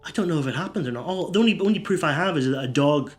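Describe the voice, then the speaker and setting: A man's voice: on the high side, expressive, racing, faint music behind. Rambling man telling one-liners. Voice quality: rambling, self-interrupting. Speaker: stand-up comedian.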